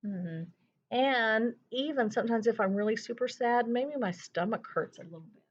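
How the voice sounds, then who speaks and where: A woman teacher gently talking children through a lesson on feelings, thinking aloud with soft hums as she colors a drawing. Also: fairly high pitch, normal speed. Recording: slightly dull lo-fi sound.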